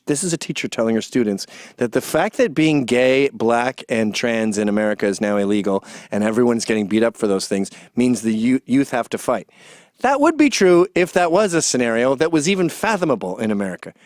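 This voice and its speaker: A man's voice: mid-range voice, expressive, a little fast, no room sound, studio quality. A man hosting a comedic commentary, ranting in a sarcastic, mocking way. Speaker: host and commentator.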